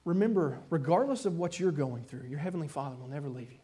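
A man preaching a sermon, telling a story with animated delivery and acting out the voices of the people in it. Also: fairly high pitch, quick pace. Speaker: pastor.

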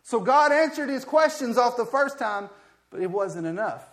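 A man preaching a sermon in a conversational way, moving from quiet asides to loud, pleading passages, often repeating words as he builds up. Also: very high-pitched, animated, moderate pace. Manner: swings from soft asides to loud impassioned pleading. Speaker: pastor.

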